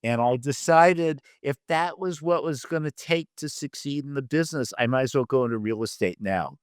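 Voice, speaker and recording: Speaking at medium pitch and a moderate pace, this older man has a clean tone, captured in a dry, studio-quality recording. As an interview guest, the literary agent and producer recounts career anecdotes with lively energy, performing his characters' quoted lines. His delivery is loose, full of fillers and thoughts that restart partway through.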